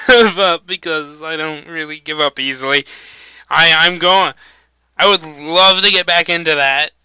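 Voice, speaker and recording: A young man with a high, very bright voice talks through a video game, chatty and quick to yell at whatever attacks him. His tone is smooth and crisp, but the home mic recording sounds dull and lo-fi. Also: no room sound. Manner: excitable, yells at enemies, chatty asides. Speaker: let's play gamer. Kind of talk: casual gameplay commentary.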